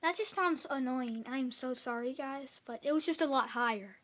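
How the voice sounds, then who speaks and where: A woman's voice: sits high, normal speed, fairly bright tone. A young girl vlogging casually to camera at home, rambling and apologizing a lot, with little giggles. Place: at home in a room.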